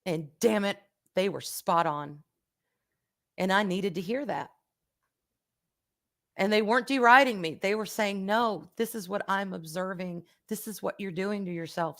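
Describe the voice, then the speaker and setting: A woman's voice: mid-range voice, normal speed, fairly bright tone. Frank, emotional woman. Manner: frank, emotional, swears freely, says y'all. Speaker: livestream host. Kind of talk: casual livestream chat reading comments.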